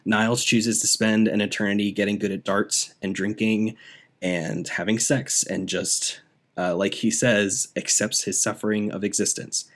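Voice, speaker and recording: A man's voice: on the low side, level tone, moderate pace, fairly bright tone. A man co-hosting a podcast, chatting casually and enthusiastically about a movie, rambling and laughing often. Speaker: podcast co-host. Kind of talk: casual movie review chat.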